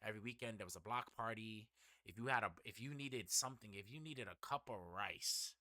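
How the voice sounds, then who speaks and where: A young man from the Bronx talks loosely on a podcast, slipping into other people's voices as he tells stories. His tone is bright and forward. The close mic sounds dry and tight. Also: lowish voice, a little fast, no echo. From the Bronx, New York. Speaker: podcast host. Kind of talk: casual podcast chat.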